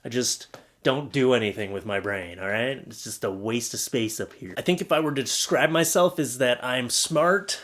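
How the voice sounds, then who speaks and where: A young man from Canada hosting a casual reaction show, talking sarcastically and swinging between loud outbursts and mutters. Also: mid-range voice, moderate pace. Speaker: host reacting to posts.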